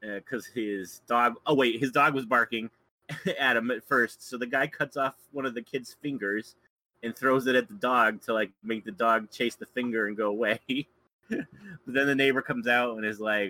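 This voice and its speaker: A man's voice: mid-range voice, moderate pace, sharp tone, no room sound, low-quality recording. A man guest on a casual podcast, retelling a film plot and chuckling often as he goes. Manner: chuckles often while recounting scenes.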